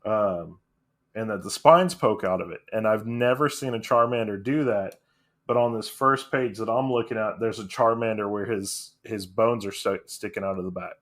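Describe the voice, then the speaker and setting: A man's voice: lowish voice, normal speed. Easygoing man in casual podcast chat. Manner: relaxed, thoughtful, laughs easily. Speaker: podcast co-host. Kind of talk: casual chat about a comic.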